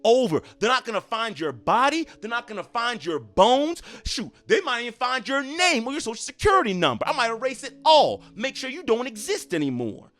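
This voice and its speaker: A man's voice: very high voice, sing-song, fairly quick, hardly any pauses, voice pushed up, exaggerated voice. A man voicing an enraged mother who threatens the man who touched her child. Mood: furious. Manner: loud, menacing, escalating threats.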